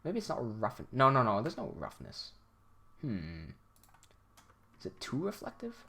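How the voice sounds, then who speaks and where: A man streaming live, reading chat aloud and thinking out loud as he works. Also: medium pitch, wildly swooping pitch, a little slow, slightly rough. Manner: thinks aloud while working, reads chat aloud. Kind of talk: casual livestream chat.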